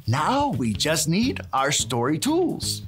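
Bouncy, slow-talking children's presenter man. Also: on the high side, huge pitch swings, fairly bright tone, faint music behind. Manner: bouncy, exaggerated, cheering with the kids. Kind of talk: energetic preschool Bible lesson.

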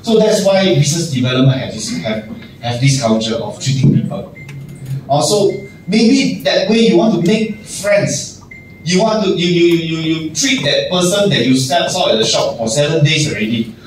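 Animated man in echoey room. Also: fairly high pitch, normal speed. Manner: animated, acts out little scenes with laughs. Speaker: general manager giving a talk to staff. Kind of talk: casual motivational talk. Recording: echoey room, distant mic, noisy.

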